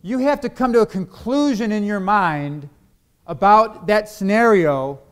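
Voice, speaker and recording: A man's voice: high voice, a little slow, clear, resonant tone. A man preaching a sermon to a congregation. He asks his listeners questions and acts out quoted arguments. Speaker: pastor.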